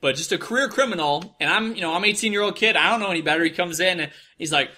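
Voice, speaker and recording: A man's voice: high voice, fast, few pauses, pushed and bright. A young man with a Midwestern American accent telling stories in a casual, profane, rambling monologue, often mocking people in put-on voices. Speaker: podcast host.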